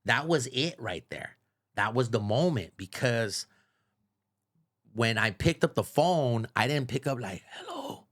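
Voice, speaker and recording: A man's voice: mid-range voice, expressive, measured pace, fairly bright tone. A middle-aged man, a radio personality, telling stories as a guest in a casual interview, swearing freely and repeating himself for emphasis. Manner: profane and emphatic, with heavy repetition.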